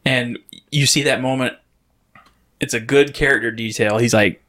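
A man co-hosting a podcast, chatting in a relaxed way about a film and drawling quotes slowly for laughs. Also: medium pitch. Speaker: podcast co-host. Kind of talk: casual movie chat.

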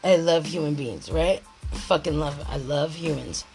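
A woman's voice: sits low, normal speed, music in the background, poor audio. A woman podcast host in a rambling, heated monologue, swearing constantly and restarting her thoughts.

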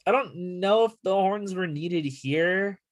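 A man ribs his co-host as they chat casually about music. His manner is playful and teasing. His voice sits a little higher than most men's. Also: takes it slowly. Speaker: podcast co-host.

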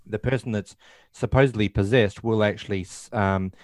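A man's voice: on the low side, steady tone, moderate pace, dry recording, clean studio sound. A man casually recapping a film scene by scene, rambling and acting out quotes in passing. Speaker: podcast host.

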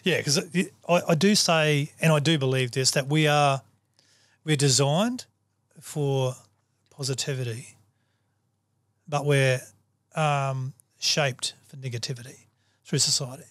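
A man hosting a podcast, calmly affirming his guest and asking questions. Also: mid-range voice, measured pace, no room sound. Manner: affirming, relaxed listener. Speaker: podcast host. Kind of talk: casual podcast interview.

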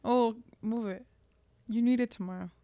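A woman's voice: a little high, fairly even intonation, normal speed, warm tone, no room sound. A young woman co-hosting a podcast, chatting casually and playfully, often slipping into silly voices. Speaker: podcast co-host. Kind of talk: casual chat.

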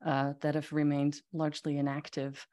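A woman, a magazine CEO telling lively anecdotes as a podcast guest. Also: sits low, normal speed. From Netherlands. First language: Dutch. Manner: animated storyteller, lively anecdotes. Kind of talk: casual interview chat.

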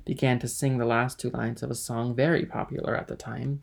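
A man narrating an audiobook in a measured, even way. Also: mid-range voice, vocal fry. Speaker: audiobook reader.

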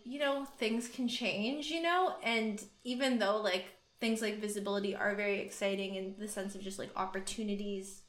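A young woman talks loosely on a podcast, her thoughts wandering and circling back through a stream of fillers. The sound has a roomy echo around her. Her pitch sits in an ordinary middle range. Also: moderate pace, few pauses, a bit bright. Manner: rambling, many fillers and restarts. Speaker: podcast co-host. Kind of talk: casual chat.

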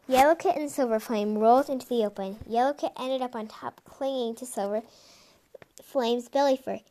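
A woman reading an animal storybook aloud in a lively, expressive way. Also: a little high, normal speed. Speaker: reader.

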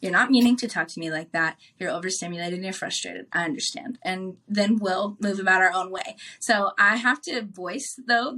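A woman chatting on a podcast in a bright, forceful voice. She tells stories with frequent laughs and plays out both sides of the conversations she describes. Her pitch sits in the middle of the usual range. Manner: laughs often while telling stories. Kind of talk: casual chat.

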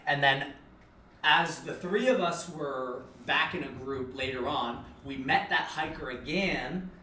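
A man's voice: on the high side, a little slow, bright, forceful tone, a little hiss or hum. A young man co-hosting a casual podcast chat, explaining ideas at length with frequent restarts. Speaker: podcast co-host. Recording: roomy, distant mic.

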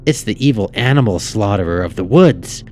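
A man's voice: lowish voice, animated, fairly quick, a little mellow, faint music behind, natural voice. A man voicing a curious, mischievous young girl who teases her sister. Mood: teasing. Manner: teasing, playful.

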